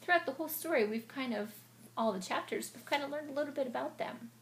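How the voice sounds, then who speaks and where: A woman teacher reading a storybook aloud to children, pausing to explain it in a patient, explanatory manner. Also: sits high, a little hiss or hum.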